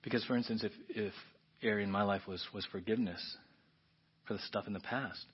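A male pastor preaching a conversational, emotional sermon. He swings from hushed whispers to loud, emphatic bursts, with frequent restarts. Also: fairly low pitch, fairly even intonation, fairly quick, husky. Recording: dull, muffled recording.

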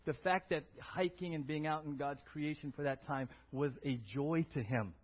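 Lively man preaching, high husky voice, dull lo-fi sermon recording. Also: normal speed. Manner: animated, conversational preaching with frequent "right?". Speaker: pastor.

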